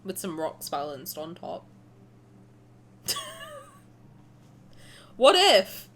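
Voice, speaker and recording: A young woman streaming a game reaction, excitable and gushing, laughing and swearing. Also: fairly low pitch, drawn-out words.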